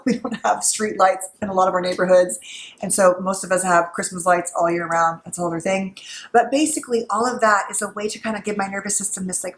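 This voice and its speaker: A middle-aged woman psychologist giving casual, gently instructive advice while cooking at home, with a conversational manner. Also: mid-range voice, reverberant, slight background noise, poor audio. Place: home kitchen.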